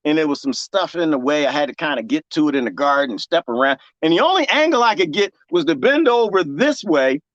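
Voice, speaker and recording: A man's voice: on the high side, animated, a little fast, hardly any pauses, fairly bright tone, dry recording, highs cut off. A man chatting casually as a gardening vlogger, rambling, restarting and laughing often. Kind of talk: casual chat to camera.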